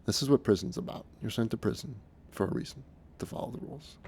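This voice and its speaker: A middle-aged man talking in a casual, unscripted monologue, earnest and halting, often restarting his sentences. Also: medium pitch, creaky, darkish tone, slight background noise. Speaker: speaker recounting his experiences.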